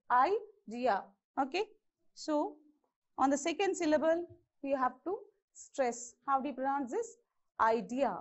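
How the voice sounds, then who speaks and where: A woman's voice: sits high, lo-fi sound. A woman with an Indian English accent teaching a grammar lesson, repeating herself and checking in with her students often. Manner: repetitive, checks in with "okay" and "isn't it".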